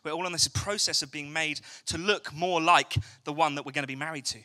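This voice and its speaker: With a fairly high, sharp voice, a steady tone and a slightly fast pace, a young Englishman gives a chatty evening sermon in a church hall. He cracks jokes and asks his congregation questions.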